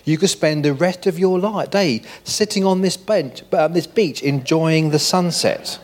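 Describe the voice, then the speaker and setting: A man voicing a stressed, angry businessman who insists in a higher voice. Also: expressive, fast, a little mellow. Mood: exasperated. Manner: insistent, exasperated.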